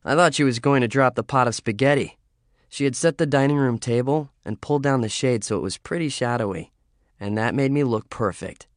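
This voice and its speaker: A man reading a first-person story as an audiobook narrator, in a measured, understated way. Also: mid-range voice, no room sound, studio quality.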